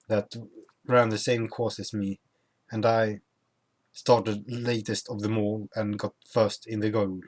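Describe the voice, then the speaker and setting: A young man who isn't a native English speaker chats casually through a travel vlog. His voice sits on the low side, and his talk is full of fillers and restarts.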